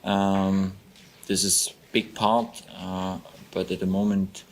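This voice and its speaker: A football manager giving a measured, hesitant answer at a press conference. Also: male voice, low-pitched, level tone.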